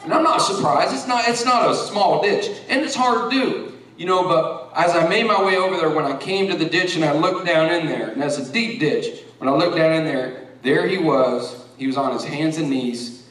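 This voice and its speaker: A middle-aged man preaching a sermon, rambling through stories and then rising into forceful preaching. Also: fairly high pitch, moderate pace. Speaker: pastor. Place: church sanctuary. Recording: echoey church hall from far off.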